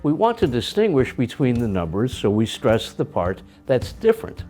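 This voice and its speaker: A man's voice: mid-range voice, wildly swooping pitch, normal speed, mellow, faint music behind. A man with an American accent teaching English pronunciation in a scripted lesson, explaining plainly. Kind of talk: scripted lesson with acted skits.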